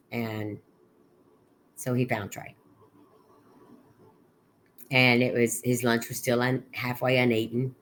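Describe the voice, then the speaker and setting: A middle-aged woman, a guest on an interview podcast, recounting her son's final months in a halting way, with many restarts and recalled conversations. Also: very deep voice, slight background noise. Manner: halting, with frequent restarts and quoted dialogue. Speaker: guest, bereaved mother. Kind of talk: personal account in an interview.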